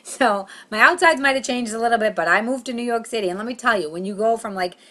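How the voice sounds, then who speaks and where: Fast-talking woman. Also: a little high. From Boston, Massachusetts. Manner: animated, self-mocking, acts out her own inner voice. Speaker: comedian. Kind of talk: comedic storytelling vlog.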